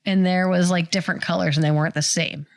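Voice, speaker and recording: Talking fast in a lowish voice, a middle-aged woman co-hosting a podcast relates a family story casually. Her retelling is animated, and she acts out each voice she quotes.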